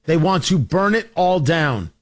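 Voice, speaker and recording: A talk radio host delivers an impassioned, sarcastic political monologue in a high voice. His pitch leaps and dives all over the place as he presses his points, and he is fiery and cutting throughout. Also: animated, measured pace.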